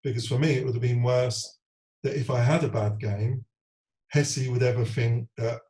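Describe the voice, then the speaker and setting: A man's voice: medium pitch, normal speed, poor audio. A former footballer in his forties, talking candidly in an interview and retelling events earnestly, often acting out what others said. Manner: earnest, animated retelling with quoted voices.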